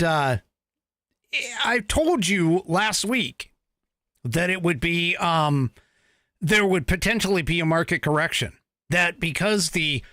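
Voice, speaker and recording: A man hosting a podcast, giving animated, exasperated commentary with frequent laughs. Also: on the high side, no echo, studio quality. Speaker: podcast host. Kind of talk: opinionated commentary.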